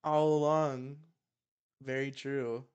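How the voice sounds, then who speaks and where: A man's voice: mid-range voice, flat delivery, slow pace, lo-fi sound, a loud crowd. A young man hosting a casual podcast chat, joking, swearing and laughing often. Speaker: podcast host.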